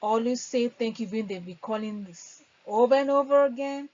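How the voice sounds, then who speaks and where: A woman's voice: a little high, moderate pace, a little mellow. Woman teaching customer service, lo-fi. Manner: earnest, acts out sample phone lines. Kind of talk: instructional talk.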